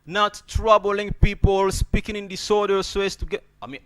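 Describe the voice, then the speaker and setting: A man's voice: high-pitched, steady tone, normal speed, fairly bright tone. A man teaching an English pronunciation lesson, repeating words and checking in with "okay?" after nearly every point.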